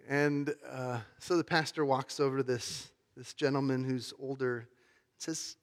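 A male pastor giving a sermon in a conversational storytelling manner, swinging between loud emphasis and hushed, quiet tones. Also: fairly high pitch, moderate pace, long reverb tail.

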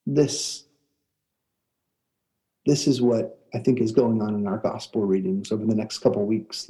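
A man's voice: fairly low pitch, unhurried, pauses often, mellow, low-quality recording. A man, a pastor, giving a sermon and telling a personal story in an earnest way, often restarting his words.

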